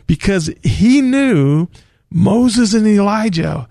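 A man teaching the Bible on the radio, taking his time over each phrase. His voice is somewhat high for a man and has a gravelly fry, and it sits close and dry with no room sound. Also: expressive, takes it slowly, a little mellow, dry recording. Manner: storytelling retelling of scripture, earnest. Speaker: radio show host teaching scripture.

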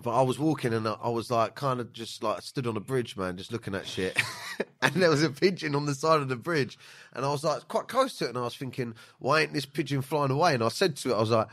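A man's voice: mid-range voice, expressive, quick pace, fairly bright tone. A young man hosting a podcast, telling a rambling, sweary story with frequent laughter. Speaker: podcast host. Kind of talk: casual chat.

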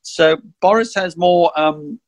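A man hosting a casual political chat, measured and hesitant, thinking aloud with fillers. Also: fairly high pitch. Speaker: podcast host.

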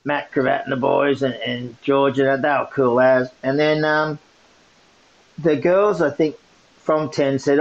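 A man's voice: mid-range voice, measured pace, gravelly. A man telling a story in a casual chat, laughing often as he goes. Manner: laughing often, animated retelling. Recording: muffled lo-fi sound.

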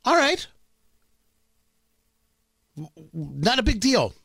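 A middle-aged man from the New York and New Jersey area, a radio host telling a self-mocking story in an animated way. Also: high-pitched, slow pace, gravelly, breathy edge, dry recording, clean studio sound. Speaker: radio talk show host. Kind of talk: radio monologue.

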